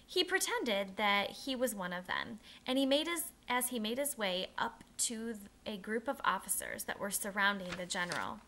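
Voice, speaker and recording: Bright-voiced woman reading a storybook aloud. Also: medium pitch. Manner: expressive, occasional restarts and self-corrections. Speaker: narrator. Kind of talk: reading a children's historical novel aloud.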